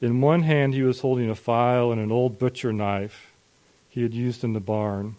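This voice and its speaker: A man's voice: mid-range voice, steady tone, moderate pace, dark tone. A male preacher telling a dramatic first-person story during a sermon.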